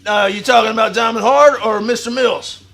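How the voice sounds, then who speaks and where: A man hosting a livestream in a wrestler persona, boastful and profane, talking like a wrestling promo and bursting into shouts. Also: very high-pitched, steady tone, moderate pace, creaky, faint music behind. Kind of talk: brash wrestling promo talk.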